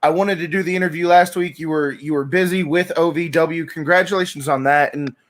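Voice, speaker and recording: A man's voice: on the high side, fairly even intonation, brisk. A man hosting an interview, asking questions in a laid-back, slangy way. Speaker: interviewer, host. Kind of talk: casual interview.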